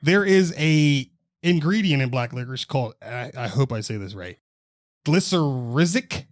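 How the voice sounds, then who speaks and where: A man's voice: mid-range voice, moderate pace, dry recording, studio quality. A young man co-hosting a casual podcast, joking and swearing freely while walking through a news story. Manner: loose, joking, swears freely, explains medical detail. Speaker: podcast co-host. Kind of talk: casual profane chat.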